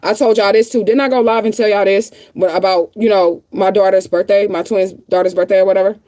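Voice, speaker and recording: An upset woman ranting on a livestream, close to tears and blunt, swearing freely and hammering the same phrases again and again. Her voice is mellow and warm in tone. The sound is dry and close, picked up by a phone or webcam mic. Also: mid-range voice, fairly even intonation, fairly quick, no room sound. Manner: blunt, profane, repeats herself insistently. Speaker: livestreaming vlogger. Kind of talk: emotional livestream rant to viewers.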